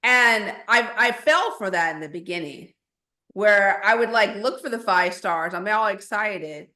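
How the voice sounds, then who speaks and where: A woman's voice: medium pitch, expressive, a little slow, bright, forceful tone. Woman guest coach, mid voice, emphatic and frank, echoey room recording. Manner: emphatic and frank, with restarts and slang. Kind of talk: casual podcast conversation.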